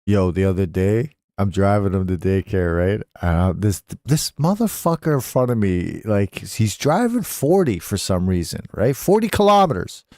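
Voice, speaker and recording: A man's voice: on the low side, big pitch swings, normal speed, few pauses, a little mellow, no room sound, studio quality. A young adult man telling stories casually on a live stream, swearing freely and slipping into voices when he quotes people.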